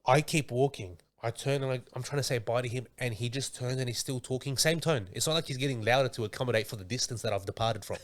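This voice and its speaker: A man's voice: mid-range voice, fast, few pauses. A man hosting a podcast, telling stories in casual, slangy chat. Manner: animated storytelling with slang. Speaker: podcast host.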